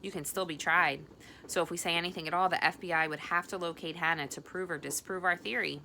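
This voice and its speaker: A woman reading the lines of a soft-spoken, reassuring teenage boy. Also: on the low side, fairly even intonation, fast talker, a little hiss or hum. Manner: soft, coaxing.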